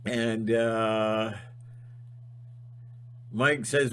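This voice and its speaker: A man giving a rambling spiritual monologue, halting and restarting often. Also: mid-range voice, fairly bright tone. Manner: halting, full of fillers and restarts. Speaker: channel host.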